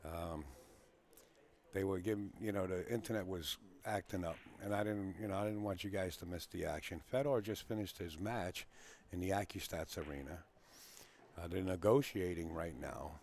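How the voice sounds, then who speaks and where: A man's voice: deep voice, normal speed, a little mellow, a little hiss or hum. A man hosting a casual live stream from a pool hall, rambling and greeting viewers by name.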